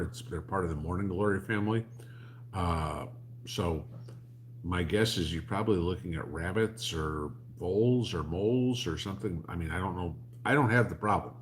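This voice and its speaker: A man's voice: low voice, slight background noise. A man, hosting a livestream and answering chat in a blunt, rambling, sarcastic way.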